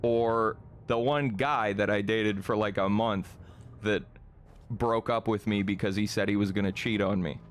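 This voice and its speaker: A man's voice: lowish voice, steady tone, measured pace. Rambling, swearing young man streamer. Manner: rambling, swears freely, laughs often. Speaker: streamer reading chat. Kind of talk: casual live-stream chat.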